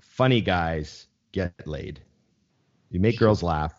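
A man's voice: deep voice, slow pace, a little mellow. A young man co-hosting a podcast in casual chat, rambling and swearing freely, often restarting his sentences. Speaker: podcast co-host. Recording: slightly dull lo-fi sound.

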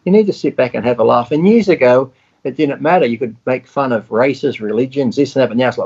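A man's voice: medium pitch, quick pace, darkish tone, slightly rough. A man in casual chat, blunt and profane, telling stories with animation. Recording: dull lo-fi sound.

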